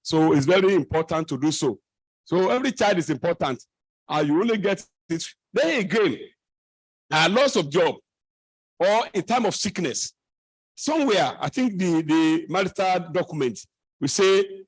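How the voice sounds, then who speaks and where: A middle-aged man with a Nigerian English accent addresses a conference, wandering into jokes and sermon-like asides as he goes. His voice sits high for a man, and the sound is close and dry, with little room echo. He often stumbles, restarts and repeats himself mid-sentence. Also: expressive, normal speed, breathy edge. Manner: digressive, humorous, preachy asides and restarts. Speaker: conference speaker. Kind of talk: lecture at a conference. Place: conference hall.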